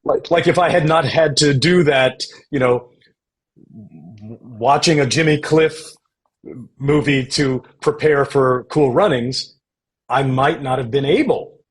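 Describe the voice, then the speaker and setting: Guy on a podcast telling career stories, calm and measured, slips into little quoted voices. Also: medium pitch, poor audio. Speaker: podcast guest, voice actor. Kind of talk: relaxed storytelling conversation.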